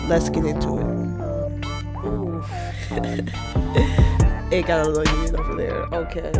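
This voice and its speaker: Frank young woman venting on camera. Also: on the low side. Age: 20s. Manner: frank and emotional, casual with profanity. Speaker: college student vlogger. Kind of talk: candid personal vlog talk.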